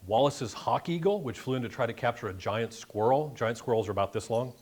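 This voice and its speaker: This guest presenter at a bird club meeting speaks fairly quickly in a medium-pitched voice with a darkish tone. He walks a live meeting-room audience through a slide show about a birding trip, chatty and joking, tossing in asides.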